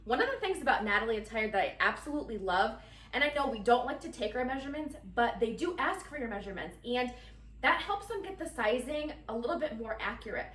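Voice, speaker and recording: A woman's voice: on the high side, expressive, quick pace, a bit bright, far from the mic. Chatty giggly woman in an echoey room. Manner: chatty, giggly, talks straight to viewers. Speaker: fashion vlogger. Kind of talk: casual try-on haul chat.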